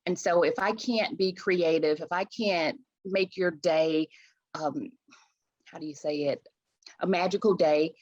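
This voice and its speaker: A woman's voice: on the low side, measured pace, dry recording. Passionate woman event planner, muffled. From Chicago. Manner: passionate, animated, restarts often. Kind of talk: interview, storytelling.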